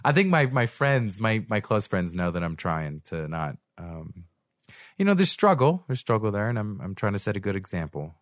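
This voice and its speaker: A man's voice: on the low side, big pitch swings, normal speed, dry recording, clean studio sound. A young man hosting a podcast in casual chat, rambling and joking, laughing often. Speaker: podcast host. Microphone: studio microphone.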